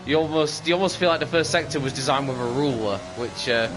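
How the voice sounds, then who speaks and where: A man's voice: medium pitch, fast, noisy background. A man commentating a sim racing qualifying session with chatty, upbeat play-by-play and frequent fillers. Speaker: lead commentator. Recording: music bed underneath.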